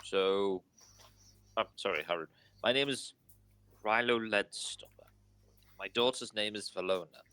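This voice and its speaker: A man's voice: fairly low pitch, unhurried, long pauses, pushed and bright, clean tone, no room sound. A man voicing a nervous male gnome father who stammers and repeats his words.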